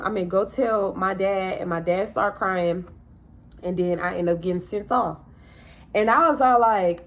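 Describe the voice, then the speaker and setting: A woman tells her own story to the camera in a candid, earnest way. She speaks plainly and casually, using everyday slang. She often turns to address her viewers directly. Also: medium pitch. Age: adult parent. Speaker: vlogger sharing a personal testimony.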